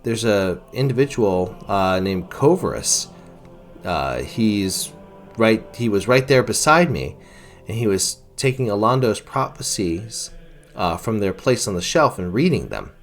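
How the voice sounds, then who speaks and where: A man's voice: lowish voice, expressive, measured pace, faint music behind. A man narrating his role-play playthrough of a fantasy video game, retelling the characters' lines in his own words with some fillers.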